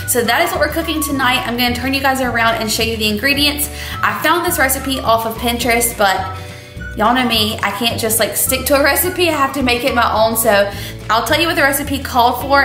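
A young woman talks her viewers through a recipe in a relaxed, chatty way, calling them y'all. Her voice sits fairly high for a woman. Soft music plays under her in a home kitchen. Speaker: cooking vlogger. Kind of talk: casual cooking vlog.

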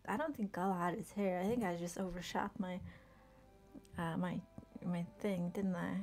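Gravelly-voiced woman streamer chatting. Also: lowish voice, fairly even intonation, moderate pace, darkish tone, soft background music. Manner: chatty, easily distracted, laughs often, talks to herself. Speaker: game streamer. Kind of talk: casual live-stream commentary while playing.

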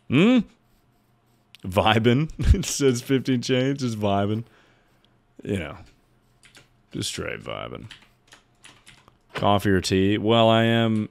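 A man streaming live, chatting casually with his viewers in a rambling, joking way with plenty of swearing. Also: deep voice. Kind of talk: casual livestream chat.

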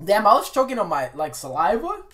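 A woman hosting a casual anime reaction video, excitable and slangy, talking back at the screen with frequent exclamations and laughter. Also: medium pitch, a little fast. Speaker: reaction channel host.

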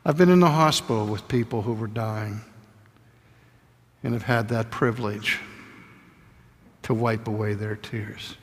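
Older preacher in a reverberant hall. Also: male voice, fairly low pitch, unhurried, pauses often. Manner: storytelling, drops to a hushed voice for tender points. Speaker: preacher lecturing. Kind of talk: sermon lecture. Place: lecture hall.

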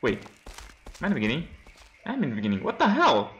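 A man's voice: medium pitch, huge pitch swings, fairly quick, a bit bright. Jumpy young man narrating a horror game. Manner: nervous, laughs from fright, yelps and screams. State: hoarse from screaming. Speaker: let's play gamer.

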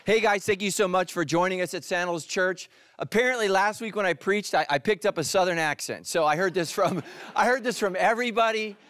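A middle-aged pastor from California preaches in a joking storyteller's way, then turns quiet and earnest. His voice sits a little high and is recorded close and dry. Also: fairly quick, no echo. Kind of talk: sermon.

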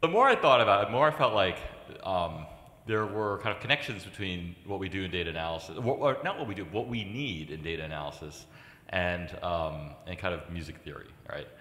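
A podcast co-host in his forties chats casually, thoughtful but rambling, with plenty of fillers and restarts. His voice sits low yet comes out animated, brisk, pushed and bright, and the recording has a long reverb.

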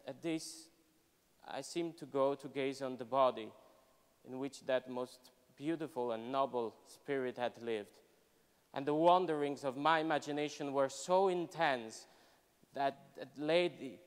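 A man, a professor, giving a solemn, measured, expressive dramatic reading in a university hall. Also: medium pitch, clean tone. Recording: long hall reverb at a live event.

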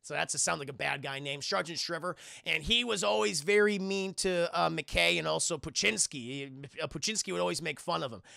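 A man's voice: a little high, brisk, vocal fry, hardly any pauses, bright, forceful tone, no echo, studio quality. A man giving casual live-stream commentary on a TV episode, rambling and profane, with many restarts as he talks to his chat.

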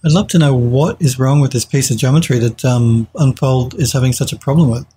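Male streamer, live modelling tutorial, husky, hesitant, self-correcting. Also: mid-range voice, fairly quick, warm tone. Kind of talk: live tutorial commentary, reading chat.

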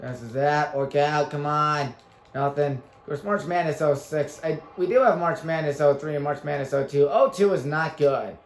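A young man hosting a sports talk show, chatting casually and calling plays excitedly while he plays a basketball video game. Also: fairly high pitch, normal speed, a little hiss or hum. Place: small room at a local community TV station. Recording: roomy echo.

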